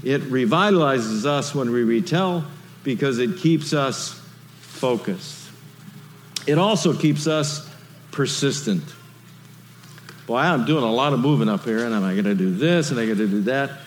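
A man preaching a sermon in a lively, conversational way, full of rhetorical questions. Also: medium pitch, measured pace, long reverb tail, a little hiss or hum. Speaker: pastor.

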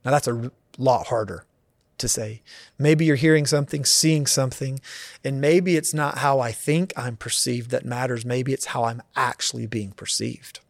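Earnest reflective pastor, dry close sound. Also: male voice, medium pitch, moderate pace, creaky, no echo. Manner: reflective, earnest, thinks aloud. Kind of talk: casual interview answers.

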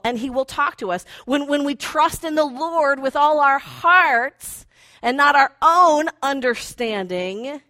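A woman's voice: fairly high pitch, sharp tone, no echo. A woman preaching a conversational sermon who acts out inner voices playfully.

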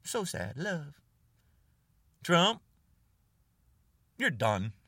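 An older American man rants furiously to camera, repeating short jabbing phrases. His pitch leaps all over the place and his voice is bright and forceful. The sound is dry and close. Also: very animated, extremely slow, slightly rough, no echo, recorded from a distance. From United States. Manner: furious, repetitive, name-calling, jabbing phrases. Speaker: online video host. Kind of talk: angry political rant to camera.

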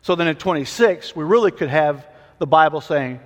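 A man's voice: on the high side, expressive, normal speed. A man teaching a Bible passage in a casual sermon, conversational and prone to restarts. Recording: long hall reverb.

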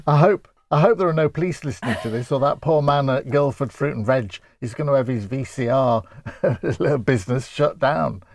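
A man chatting casually with a gravelly, fry-tinged voice, recorded close and dry. He has a wry wit and chuckles as he talks. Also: mid-range voice, a little fast, dry recording. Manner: dry wit, chuckles through his remarks. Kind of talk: casual chat.

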